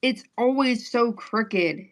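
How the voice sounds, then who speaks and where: A woman sewist rambles through stories in casual chat and leans on fillers as she goes. Her voice is a touch high. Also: takes it slowly. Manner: rambling, filler-heavy, forgetful. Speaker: guest sewist. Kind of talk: casual chat while sewing. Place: converted garage workroom.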